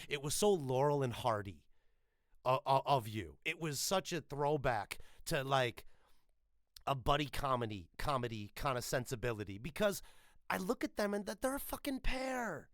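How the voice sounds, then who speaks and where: A man's voice: medium pitch, a bit bright, no room sound, studio quality. A man, a voice actor, talking casually and emphatically in an interview, swearing freely. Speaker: voice actor guest.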